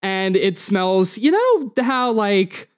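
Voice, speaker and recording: Guy running a tabletop game, kinda high, smooth voice, rambly with lots of ums. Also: big pitch swings, takes it slowly. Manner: casual, rambling, filler-heavy narration. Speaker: game master.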